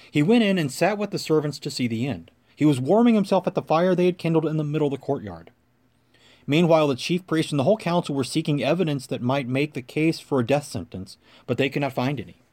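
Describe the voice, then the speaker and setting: A man giving a liturgical scripture reading and then reciting prayers in a solemn, measured manner. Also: on the high side, darkish tone. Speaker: scripture reader.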